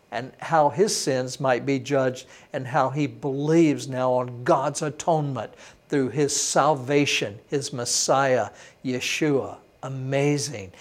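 Animated folksy male pastor preaching. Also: on the high side. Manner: animated, swings from hushed awe to emphatic; folksy, conversational. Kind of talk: sermon teaching.

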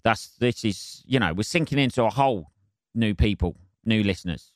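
A man talks alone into the mic in a low, smooth, resonant voice, dry and close with no room around it. He rambles through his week with plenty of ums, swears freely and keeps apologising with cheeky self-mockery. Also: dry recording. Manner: rambling with many fillers and jumpy emphasis. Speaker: stand-up comedian and podcast host. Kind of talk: casual solo podcast chat.

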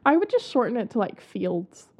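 A woman's voice: on the high side, dark tone, husky. A young woman hosting a casual podcast, chatty and giggly, swearing casually as she tells spooky stories. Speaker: podcast host. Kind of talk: casual chat about haunted places. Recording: dull lo-fi sound.

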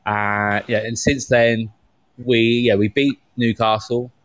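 A man co-hosting a casual chat, thinking aloud with many halting restarts. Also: lowish voice, flat delivery, a bit bright, no echo. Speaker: podcast co-host.

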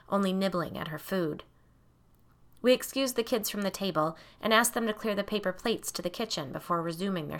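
A woman narrates a first-person audiobook in a measured, intimate way. Her voice sits a bit low yet comes across bright and forceful.

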